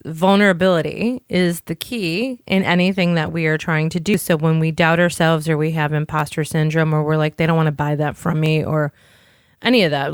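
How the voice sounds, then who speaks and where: A woman's voice: low voice, clean tone, dry recording, studio quality. A woman co-hosting a podcast, telling a long candid story in casual chat and swearing offhandedly. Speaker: podcast co-host.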